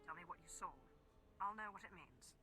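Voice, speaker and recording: A woman voicing a composed young female Sith Inquisitor in a game, speaking in a cool, measured way. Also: fairly low pitch, lively intonation, pushed and bright. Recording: game music behind.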